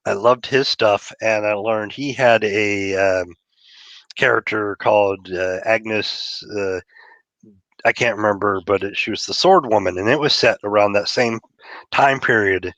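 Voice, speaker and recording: A man's voice: lowish voice, a little slow, a bit bright, no room sound, muffled recording. A man from Texas, a comic creator guest, talking in a laid-back, rambling way with frequent fillers. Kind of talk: casual interview chat.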